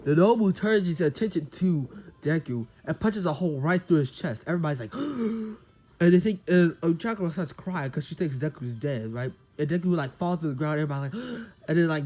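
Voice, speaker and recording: Guy rambling through a fan story, kinda high voice, lots of "like". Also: mellow. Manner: rambling, full of "like" and quick acted quotes. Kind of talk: casual fan story narration.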